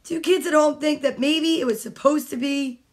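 A woman's voice: high-pitched, moderate pace, darkish tone. A woman at home reading picture books aloud to children, playful and chatty, speaking straight to the kids. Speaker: storytime host.

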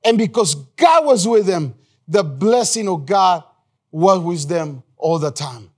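Man, pastor, high voice, emphatic sermon, call-and-response, stammered restarts. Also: expressive, husky. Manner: emphatic preaching with repeated phrases and call-and-response; restarts and stumbles in quick bursts. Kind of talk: live sermon. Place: church.

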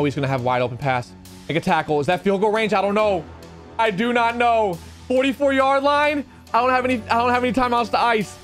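A man giving live commentary over his own video game match, excitable and talking straight at the game as he plays. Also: on the high side. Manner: excitable, talks and pleads at the game.

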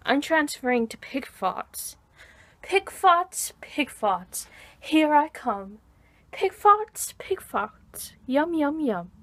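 A young woman puts on a snobbish teenage boy wizard with a shaky British accent, taunting in a haughty sing-song. The voice sits fairly high and sounds bright and sharp, and the recording is close and dry with no room echo. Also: sing-song, takes it slowly, full character voice. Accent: put-on British.

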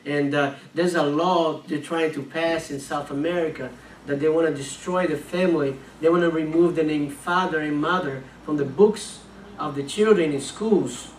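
Earnest preacher in an echoey church. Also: male voice, a little high, moderate pace, slight background noise. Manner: repeats and restarts words, earnest storytelling. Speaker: missionary preacher. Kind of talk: sermon with a personal story. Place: church sanctuary. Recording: echoey church room, mic at a distance.

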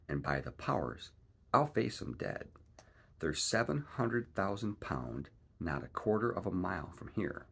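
A man voicing a bold old pirate captain with rough, blustering seafaring talk. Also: low-pitched, exaggerated voice.

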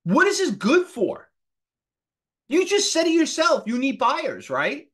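High-voiced man in his fifties teaching. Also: unhurried. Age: 50s. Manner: animated, fires rhetorical questions at the class. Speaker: trading instructor. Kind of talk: live class lecture.

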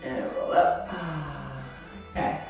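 A woman's voice: low voice, fairly even intonation, slow pace. A woman fitness instructor guiding an exercise class, encouraging and checking in with her students as she cues each move. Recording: very echoey room from far off, faint music.

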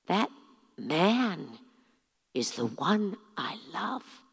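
A woman putting on a hushed, dreamy old mother. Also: on the low side, very animated, creaky, breathy edge, heavily acted. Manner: soft, slow, barely-voiced whisper. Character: elderly mother, dreamy, hushed and far away.

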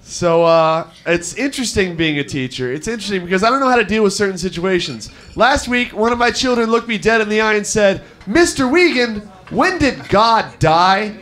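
A man in his twenties doing a stand-up set on an open-mic bar stage, brash, profane and animated as he tells stories. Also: sits high, quick pace, few pauses. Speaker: stand-up comic, first-year teacher.

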